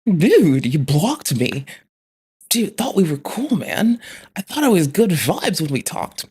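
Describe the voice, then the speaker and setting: A man's voice: high-pitched, very animated, takes it slowly, darkish tone, husky, pitched above the performer's own voice, heavily acted. A man voicing a laid-back young surfer dude who pleads in a drawl. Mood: hurt, pleading.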